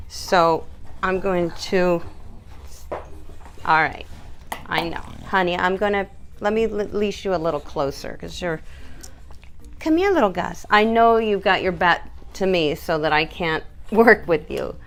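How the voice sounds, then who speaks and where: Middle-aged woman groomer, low and gravelly, gentle coaxing patter aimed at an anxious dog. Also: unhurried. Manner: soothing, coaxing, talks to the dog in a high sing-song. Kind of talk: casual how-to video.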